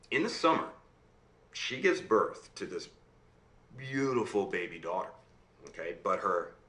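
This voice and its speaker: A man telling a fairy tale aloud in an animated way, often checking in with his listener. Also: lowish voice, heavily acted. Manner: animated, checks in with "right?" and "okay?". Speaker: storyteller. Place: room on a video call. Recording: roomy room sound.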